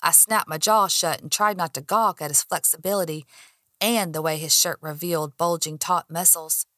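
A woman reading a first-person audiobook in an expressive way, acting out her own heated lines. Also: low voice, normal speed, no room sound, clean studio sound. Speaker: audiobook narrator.

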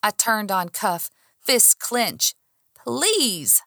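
A woman reading a first-person audiobook in an expressive way, acting out her own heated lines. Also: lowish voice, moderate pace, no room sound, studio quality. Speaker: audiobook narrator.

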